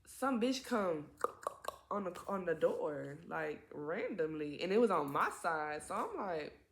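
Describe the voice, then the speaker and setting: A young woman in casual storytime mode, her everyday voice sitting slightly low. She swears freely and turns animated, leaping up in pitch whenever she acts out a quoted line. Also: unhurried, roomy sound. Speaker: vlogger.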